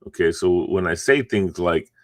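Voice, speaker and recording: His voice is low and expressive, moving at a moderate pace, recorded studio-clean without room sound. A middle-aged man, just awake and sleepy, he rambles casually while hosting a home morning encouragement stream, breaking off to yawn and chuckle.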